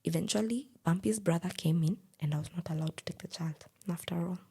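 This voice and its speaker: A young woman with a Kenyan accent tells her own story in an animated way, slipping into the voices of the people involved. Her voice is deeply husky and breathy, with a gravelly edge. It sits low and mellow. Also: a little fast. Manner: animated, quotes others in dialogue. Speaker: guest telling her story. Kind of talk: personal storytelling.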